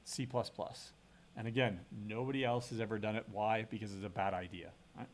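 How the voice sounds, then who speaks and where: A man's voice: lowish voice, fairly even intonation, a little fast, slight background noise. A middle-aged man giving a casual university lecture, thinking aloud and checking in with frequent "right?" tag questions. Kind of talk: recorded classroom lecture.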